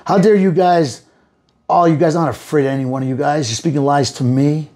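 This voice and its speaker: A man, a pastor, arguing heatedly in a debate, shouting accusations and quoting scripture, at times breaking into chant-like speech. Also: a little high, fairly even intonation, a little fast, a little hiss or hum. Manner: bursts into tongues-like chanting.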